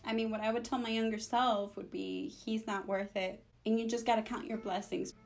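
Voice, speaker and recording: Young woman, sassy storytime vlogger, high-pitched, faint music behind. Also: moderate pace, vocal fry. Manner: sassy, animated, switches between English and Spanish. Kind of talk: storytime vlog.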